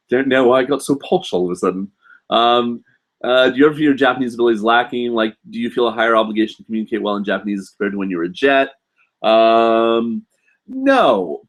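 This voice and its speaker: Lowish-voiced man chatting on a live stream. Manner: chatty, heavy use of "you know"; animated, acts out students and staff in a raised voice. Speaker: host answering viewer questions; university English teacher in Japan.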